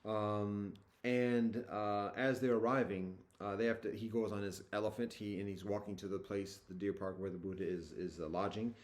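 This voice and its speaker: A man's voice: lowish voice, little pitch movement, normal speed, hardly any pauses. A man reading a sacred text aloud and retelling it in his own loose, slangy words, hesitant with fillers and restarts. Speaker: teacher walking through a scripture.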